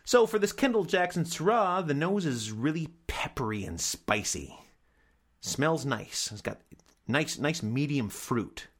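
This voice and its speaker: A man's voice: on the high side, sing-song, measured pace. A man casually reviewing cheap wines, with a dry, wry and sarcastic manner. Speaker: wine reviewer.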